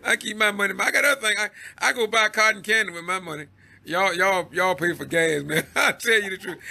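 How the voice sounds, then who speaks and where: Bright, high-voiced Southern man preaching. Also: brisk, creaky. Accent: Southern US, Georgia. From Georgia, USA. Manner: preachy, exhorting, laughing in exasperation. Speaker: citizen news host. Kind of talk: Facebook Live commentary.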